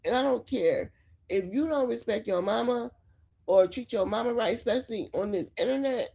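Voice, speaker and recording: A woman's voice: on the high side, normal speed, vocal fry, warm tone, slightly rough. A woman giving casual, opinionated celebrity gossip commentary straight to her viewers. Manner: chatty, opinionated, addresses viewers directly. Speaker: commentary vlogger.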